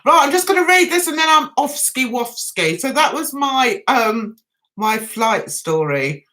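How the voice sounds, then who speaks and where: A woman's voice: sits high, big pitch swings, measured pace, sharp tone. A middle-aged woman hosting a casual livestream, telling an anecdote with giggles and animation. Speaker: YouTube host.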